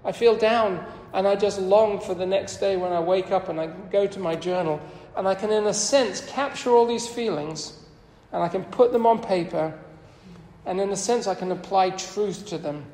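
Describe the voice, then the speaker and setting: A man's voice: sits high, moderate pace, darkish tone. A man preaching a sermon in an earnest, conversational way, quoting scripture with rising emphasis. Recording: echoey hall, long reverb.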